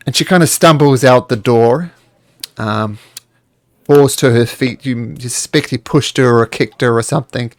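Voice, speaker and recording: A man narrating as game master of a streamed tabletop game, relaxed and halting. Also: medium pitch, dry recording, studio quality. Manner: relaxed, halting, many restarts.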